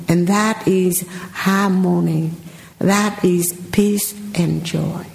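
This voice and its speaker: Slow, deliberate woman teacher in an echoey room. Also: mid-range voice, steady tone, creaky, a little mellow, soft background music. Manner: slow, repetitive phrasing with rhetorical questions. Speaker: Buddhist teacher. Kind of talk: storytelling sermon.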